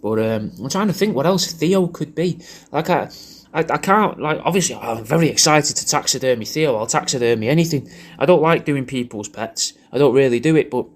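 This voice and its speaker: A man giving a rambling, crude, jokey birthday shout-out, often repeating himself. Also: medium pitch, expressive, a little fast. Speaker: comedian recording a personalised video message.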